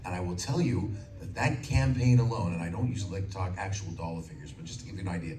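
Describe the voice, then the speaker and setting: A man in his sixties, a voice actor telling animated stories on a convention panel and slipping into character voices. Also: low voice, fast, slight background noise. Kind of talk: anecdotal panel storytelling. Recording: echoey hall from far off, loud crowd.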